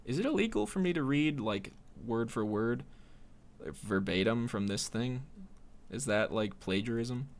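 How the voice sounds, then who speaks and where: A man's voice: mid-range voice, expressive, measured pace. A man hosting a solo podcast, rambling in a profane, sardonic way. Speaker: podcast host.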